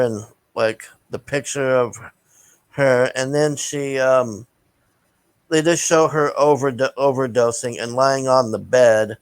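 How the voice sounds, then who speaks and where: A man's voice: medium pitch, steady tone, unhurried, clean tone, dry recording, rough recording. Blunt, profane man rambling a film review. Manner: blunt and profane, with many fillers and restarts. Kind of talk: casual rambling movie review.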